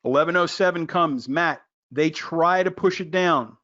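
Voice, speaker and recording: An excitable man with a fairly high voice runs a trading lesson. He gets loud, jokes around and calls on his listeners by name. The recording sounds dull and lo-fi. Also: moderate pace. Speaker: trading educator. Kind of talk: animated screen-share trading lesson.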